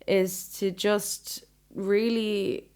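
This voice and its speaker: A woman with an Irish accent, a singer-songwriter guest, talking earnestly and calmly, often ending with "you know?". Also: mid-range voice, drawn-out words, clean tone. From Ireland. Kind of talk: casual interview chat.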